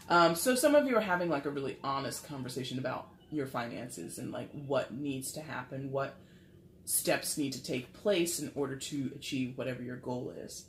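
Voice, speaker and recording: A woman's voice: extremely low pitch, normal speed, a little hiss or hum. Chatty lady doing a tarot reading into her camera, lots of likes and ums, roomy sound. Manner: chatty and rambling, with filler words and frequent laughs. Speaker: tarot reader. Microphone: camera mic. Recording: roomy echo.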